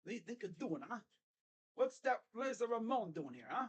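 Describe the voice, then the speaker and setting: A man voicing a gruff, jokey mock-Italian man who demands to know where his player is, with a pushy "huh?" at the end of his questions. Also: very high-pitched, sing-song, brisk, exaggerated voice. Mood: mock indignant.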